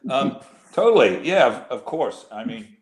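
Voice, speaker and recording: A man's voice: medium pitch, roomy sound. A man, an actor guest in a casual video interview, laughing often and restarting his thoughts. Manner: laughing, self-deprecating, thinks aloud with restarts.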